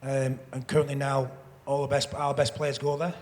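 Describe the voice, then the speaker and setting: A man of ordinary pitch talks on a festival stage, rambling through his points and tripping over repeated words as he restarts. His voice rings out with the long reverb of a large hall. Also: completely flat delivery, normal speed, a little mellow. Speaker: panel guest, former rugby league player. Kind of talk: live stage conversation.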